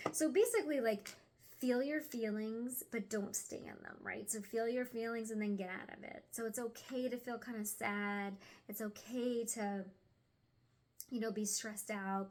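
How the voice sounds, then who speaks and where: A woman's voice: mid-range voice, darkish tone. A young woman chatting casually at home through a tarot card reading, stumbling over words now and then and sometimes dropping to a whisper.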